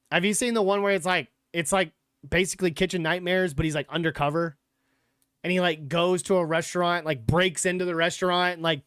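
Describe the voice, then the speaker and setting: A young man hosts his sports podcast livestream in a casual, rambling way, with sarcastic asides and the odd curse. His voice sits a touch high for a man and sounds smooth and clear. The sound is dry and close, with no room echo. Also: fairly bright tone. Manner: loose, rambling and sarcastic, with profanity. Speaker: podcast host.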